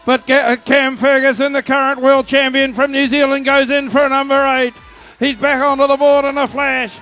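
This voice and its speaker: A man calls a shearing final live, rousing the crowd behind the competitors. His voice sits very high and stays level in pitch, with faint music behind him. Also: level tone, normal speed, bright, forceful tone. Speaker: shearing commentator. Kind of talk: live sports commentary.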